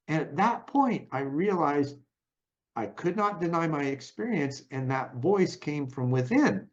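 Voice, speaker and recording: A man hosting a conversation and telling his own story in a thoughtful, unhurried way, often pausing to search for words. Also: a little high, animated, lo-fi sound. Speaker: podcast host. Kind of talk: reflective personal storytelling.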